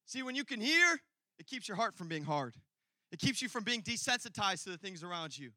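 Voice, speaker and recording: A male pastor preaching a sermon, telling a personal story and building from quiet asides to loud, emphatic peaks. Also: high voice, sing-song, a little fast, no room sound.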